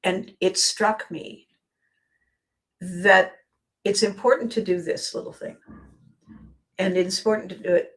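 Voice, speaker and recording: A woman's voice: medium pitch, steady tone, a little slow, pauses often. A woman hosting a live motivational video. She talks earnestly, often repeats a word as she restarts a sentence, and greets viewers by name.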